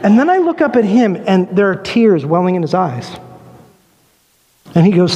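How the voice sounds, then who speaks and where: High-voiced pastor telling a story. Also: male voice, moderate pace, highs cut off. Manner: animated storyteller, acts out quoted dialogue, laughs often. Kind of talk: sermon with personal storytelling. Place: church sanctuary. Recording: long hall reverb.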